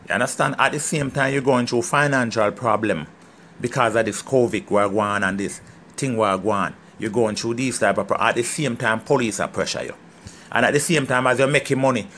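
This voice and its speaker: A man's voice: mid-range voice, fairly bright tone, slight background noise. Angry Jamaican man ranting. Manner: heated, emphatic, keeps asking "you understand?". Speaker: farmer. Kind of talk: casual vlog rant.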